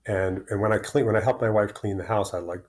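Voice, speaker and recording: A man in his sixties, guesting on a podcast, tells candid personal stories in a rambling way, often restarting and repeating words. His voice is on the low side and a little mellow, steady in tone and fast.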